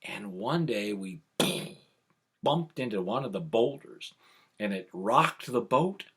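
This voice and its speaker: A man tells a tall tale in an animated way, sliding from hushed whispers to loud exclamations. His voice is husky yet bright, low-pitched and very lively in melody. He speaks at an unhurried pace. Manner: expressive, dropping to whispers and rising to shouts. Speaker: storyteller. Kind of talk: animated oral storytelling.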